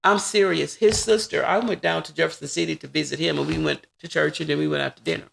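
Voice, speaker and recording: A woman in her forties, a podcast guest, telling personal stories in a casual, animated way and acting out what people said. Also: sits low, quick pace, creaky. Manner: animated, acts out quoted dialogue. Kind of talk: casual interview storytelling.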